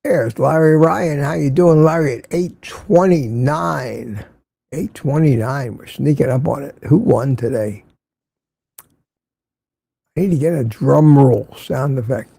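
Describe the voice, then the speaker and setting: A man's voice: mid-range voice, measured pace, gravelly, mellow, slightly rough, no room sound. An older man hosting a casual morning livestream, greeting viewers by name and reading the chat aloud. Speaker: livestream host.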